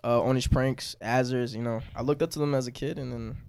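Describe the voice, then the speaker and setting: A man's voice: mid-range voice, steady tone, fairly quick, darkish tone, a little hiss or hum. A young man guest chatting casually, with a laid-back, easygoing manner. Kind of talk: casual chat.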